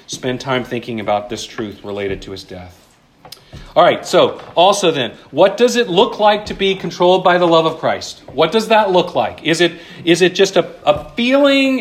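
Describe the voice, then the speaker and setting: A married man preaching a sermon, earnest and conversational, dropping to a hushed voice on key points. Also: mid-range voice. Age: adult, married with children. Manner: earnest, drops to a hushed voice for emphasis; conversational asides with self-deprecating humor. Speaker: pastor.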